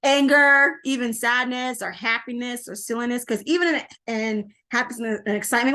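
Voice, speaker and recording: A middle-aged woman giving parenting advice to camera in a casual, animated way, laughing often and repeating phrases for emphasis. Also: a little high, normal speed, few pauses. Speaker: parenting coach.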